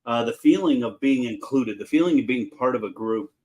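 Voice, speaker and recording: Chef host, middle-aged man, mid-pitched, casual storyteller. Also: a little fast, rough recording. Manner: folksy, animated storyteller with fillers.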